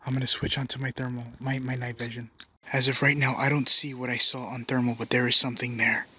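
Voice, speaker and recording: A man's voice: mid-range voice, little pitch movement, quick pace, pushed and bright, husky. A man exploring a forest at night with a camera, talking tensely and often in a whisper. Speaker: paranormal investigator.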